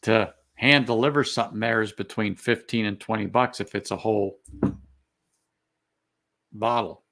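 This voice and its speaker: A man's voice: lowish voice, normal speed, gravelly, a bit bright. A man chatting casually on a stream, mostly giving short agreeing replies with some dry sarcasm. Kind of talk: casual chat on a live stream.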